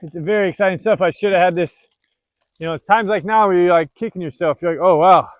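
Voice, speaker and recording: A man from the US Northwest, a homesteader, talking loudly and rambling with self-deprecating humor while he works outside in the snow. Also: high voice, quick pace, dry recording. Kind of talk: casual vlog narration while working. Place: outdoors in the snow at a dog pen.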